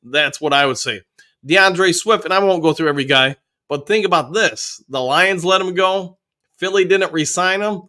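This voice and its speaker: A man's voice: fairly high pitch, sharp tone. A man hosting a casual live fan stream, upbeat and joking as he greets viewers in the chat by name. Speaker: host of a fan livestream reading chat.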